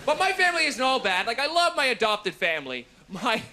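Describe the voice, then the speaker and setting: A man in his twenties doing a stand-up routine on a TV comedy show, deadpan with sudden shouted bursts. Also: very high voice, fairly quick, a faint crowd, slight background noise. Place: TV studio stage before an audience.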